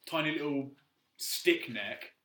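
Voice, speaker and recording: A young man co-hosting a podcast, chatting casually, arguing his points with animated swearing. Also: on the high side, slow pace, roomy sound, a little hiss or hum. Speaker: podcast co-host. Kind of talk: casual chat.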